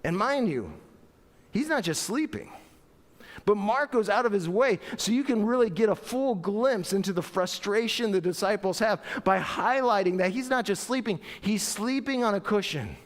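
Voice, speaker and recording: Man preaching, middle-aged, high voice, playful, long church reverb. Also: moderate pace. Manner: animated, playful, acts out voices with laughter. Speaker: pastor. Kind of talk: sermon. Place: church sanctuary.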